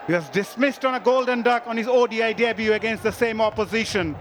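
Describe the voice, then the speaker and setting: A man calling a cricket match live, excitable and shouting on big hits. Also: high-pitched, fast, few pauses. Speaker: cricket commentator. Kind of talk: live sports commentary. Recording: loud stadium crowd and ambient noise behind. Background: cheering stadium crowd.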